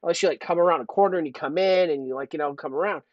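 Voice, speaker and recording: A man's voice: fairly high pitch, racing, dry recording. A man co-hosting a podcast, telling a crude, rambling story in a self-mocking way. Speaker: podcast co-host. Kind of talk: casual storytelling and chat. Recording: dull lo-fi stream audio, dry.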